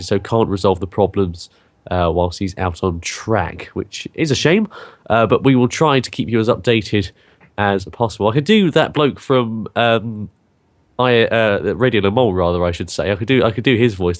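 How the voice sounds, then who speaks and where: A man's voice: fairly low pitch, dry recording. A man commentating live on a sim race, chatty and rambling, with many fillers and restarts.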